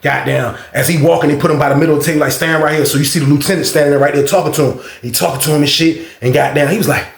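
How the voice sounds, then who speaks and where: A man with a fairly high, gravelly voice tells a story in a casual vlog. He is profane and animated, and he acts out noises and other people's lines. His voice echoes around the room. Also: rapid-fire, few pauses. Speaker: storyteller recounting prison life.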